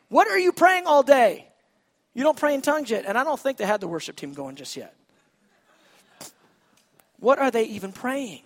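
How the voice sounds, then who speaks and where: A man preaching a sermon, animated, swinging between shouts and hushed, quiet lines. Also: sits high. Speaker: pastor.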